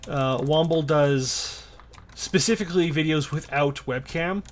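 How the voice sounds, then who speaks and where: A man's voice: a little high, unhurried, a little hiss or hum. A man commentating his own gameplay, chatty and out of breath, muttering orders and counting under his breath. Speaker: gaming YouTuber. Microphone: desk mic with face cam.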